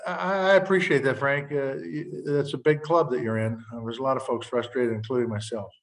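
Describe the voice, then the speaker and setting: A man's voice: medium pitch, fairly even intonation, a little fast, far from the mic, poor audio. An older man, a senator from Montana, speaking in an earnest, folksy, plain-spoken way on a video call.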